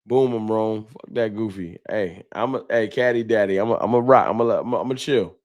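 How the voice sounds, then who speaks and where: A man's voice: fairly low pitch, brisk, darkish tone. A man hosting a casual sports fan livestream, talking loose and slangy as he reads out viewer donations. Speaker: fan talk show host.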